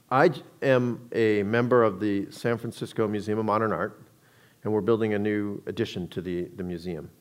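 A man's voice: fairly low pitch, steady tone, normal speed, smooth. A man giving a public talk to an audience, telling a story in a conversational way with frequent restarts.

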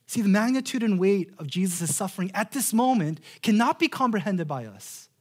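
A man in his thirties preaching a sermon in an earnest way, slowing right down on key phrases and repeating words as he restarts. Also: sits high, animated, breathy edge. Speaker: pastor.

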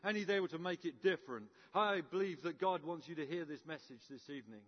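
A man's voice: a little high, fast talker. A man preaching a sermon, telling a story with playful humour and acting out the characters. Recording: muffled with long hall reverb.

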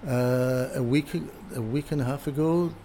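Telling a casual story as an interview guest, an older furniture designer keeps stopping and restarting his sentences, repeating words as he goes. His voice is medium-pitched and warm with fairly even intonation, and there's a little hiss or hum.

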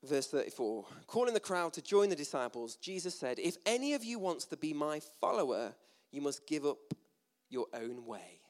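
A man's voice: a little high, very animated, normal speed. A British man giving a sermon in a church hall, chatty and self-deprecating, with jokey asides. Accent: British English. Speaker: preacher. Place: church hall with a gathered audience.

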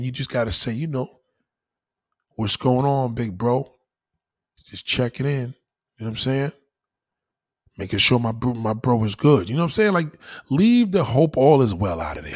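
A man on his own channel, giving casual advice in an animated, preachy way, swearing freely. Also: mid-range voice, slightly rough. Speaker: YouTuber.

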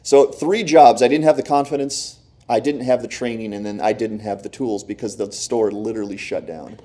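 A man's voice: on the low side, normal speed. Man telling a sermon story. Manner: animated storytelling, acts out quoted voices. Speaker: pastor.

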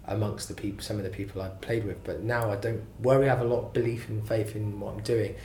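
A man with a low voice talks through his career as a singer-songwriter in a loose, rambling way, quick to poke fun at himself. The recording sounds roomy, with some echo. There is a faint hum of ambience behind him. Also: fairly even intonation, mellow. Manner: rambling, self-deprecating storytelling. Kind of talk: casual interview chat.

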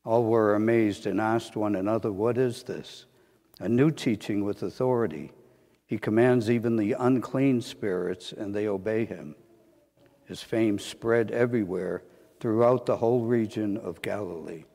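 A man with a lowish voice reads Scripture at a church service in a measured, formal cadence. The church's long reverb rings after each phrase. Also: vocal fry, mellow. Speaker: clergyman reading the Gospel. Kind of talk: liturgical Gospel reading.

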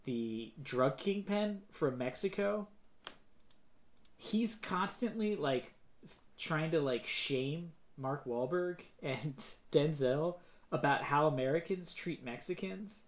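A man's voice: fairly high pitch, takes it slowly. A man co-hosting a casual movie review podcast, rambling with lots of fillers and mocking put-on quotes. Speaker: podcast co-host.

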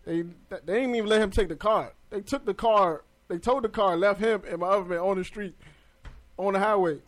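A man's voice: sits high, brisk. A young man, a podcast co-host, telling a story in casual, profane chat and acting out the other people in it. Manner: animated, profane, acts out other voices.

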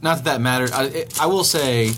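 A man's voice: medium pitch, brisk, a bit bright. A man co-hosting a casual chat, teasing and opinionated. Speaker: podcast co-host. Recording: faint background noise.

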